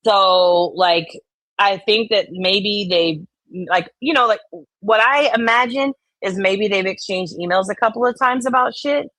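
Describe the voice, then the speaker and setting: A woman speaking a little slowly, medium-pitched and a bit bright, hosts a livestream full of casual, profane talk about online drama. She reads chat messages aloud, sounds conspiratorial and acts out quoted voices. The recording is dry.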